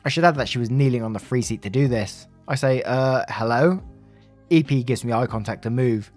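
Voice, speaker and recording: A man narrating online stories for his channel in a middle pitch, breaking off for casual, chatty asides to viewers. Quiet music runs faintly under his voice. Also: fast talker. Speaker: story narrator. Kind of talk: reading online stories aloud.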